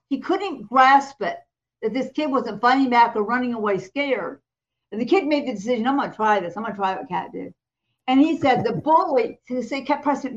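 An American woman tells a story on a talk show, slipping into the voices of the people in it and laughing as she goes. Her voice sits a little high. The sound is slightly dull, like a lo-fi recording. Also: normal speed. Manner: animated storyteller, acts out quoted voices, laughs often. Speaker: co-host and prophetic minister.

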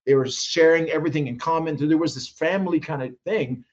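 Male guest minister, rapid, slightly high voice, animated storyteller who acts out other voices, muffled lo-fi sound. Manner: acts out quoted voices, frequent restarts.

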